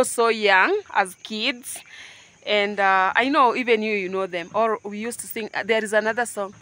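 Kenyan woman vlogger, playful direct-to-viewer chat, crisp bright tone, recorded on site. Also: a little high. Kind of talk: casual vlog chat. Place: outdoors at a home building site.

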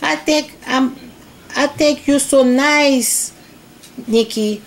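Woman playing a female Easter egg, slow drawl, broken English, a bit high, toy play. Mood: cheerful. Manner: slow, broken non-native English grammar. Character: fed-up female Easter egg named Pula.

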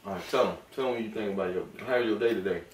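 Casual male vlogger, playful, soft-spoken father at home; roomy, distant-mic sound. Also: fairly low pitch, very fast. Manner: relaxed, playful, often softly spoken. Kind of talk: casual mukbang chat with his baby. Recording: echoey room, mic at a distance, faint noise.

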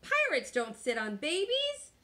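Lady doing a blustery pirate captain, loud and high, talks slow. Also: huge pitch swings, exaggerated voice. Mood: blustering. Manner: hollering pirate talk.

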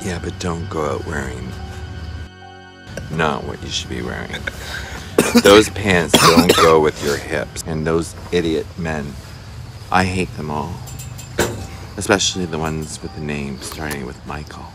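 A man's voice: extremely low pitch, unhurried, long pauses, music in the background. A man playing a brash, vain female talk show host and fussing mother, campy and boastful.

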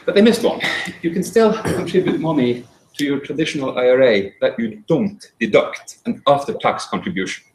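A man giving a talk and telling a folk tale, with dry, wry humor and frequent halting restarts. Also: mid-range voice, sing-song, darkish tone. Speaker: speaker. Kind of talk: storytelling talk. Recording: roomy echo.

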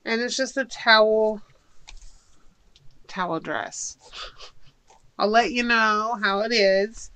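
Slow-talking chatty woman unboxing a haul. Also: on the high side, bright, forceful tone, smooth, dry recording, rough recording. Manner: chatty, giggly, talks to viewers. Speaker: haul vlogger. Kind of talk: casual haul video chat. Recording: audible background noise.

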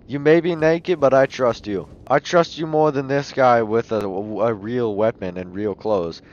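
A young man giving excitable, joking let's-play commentary, often yelling. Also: mid-range voice, measured pace, muffled recording. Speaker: gaming youtuber. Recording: loud game music behind.

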